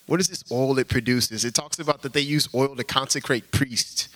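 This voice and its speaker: A man's voice: medium pitch, normal speed, a bit bright, poor audio. A man preaching an informal sermon, earnest and conversational, often slipping in casual fillers as he talks.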